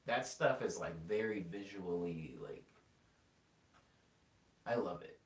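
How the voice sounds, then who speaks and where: Sitting far from the mic in an echoey room, a young man streaming music chats casually with viewers, slowly and in a low voice. He drifts off topic while telling stories, animated and rambling, with lots of filler words.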